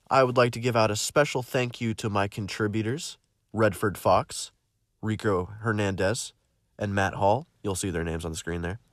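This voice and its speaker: After wrapping up a book, this young narrator and channel host chats informally with his audience, meandering through lots of filler words and restarted sentences. His voice sits on the low side, recorded cleanly in a studio with no room sound.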